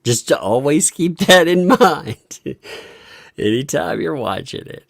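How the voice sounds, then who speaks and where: A woman's voice: deep voice, very animated, slow pace, creaky, no echo, studio quality. A woman giving casual live reaction commentary on a court video, often breaking into fits of laughter. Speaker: livestream commentator.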